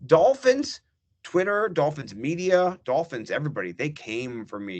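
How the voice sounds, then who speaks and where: A middle-aged man, a fantasy football guest on a podcast, ranting in animated, profane casual chat. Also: on the high side, moderate pace.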